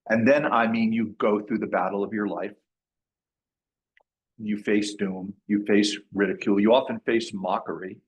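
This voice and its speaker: Brief: low-pitched male lecturer, casual, repeats and restarts phrases. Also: poor audio. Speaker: masterclass lecturer. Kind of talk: classroom lecture.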